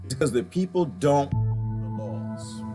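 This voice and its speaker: Commenting on a video clip, a man launches into a fired-up political rant that is impassioned, repetitive, and preachy. His medium-pitched voice is expressive and a little slow. Music plays underneath.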